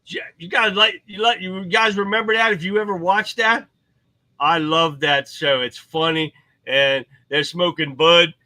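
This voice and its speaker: A man's voice: high voice, fairly even intonation, a little slow, pushed and bright, no room sound. A man hosting a livestream, giving casual commentary in a rambling, chatty way. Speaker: livestream host.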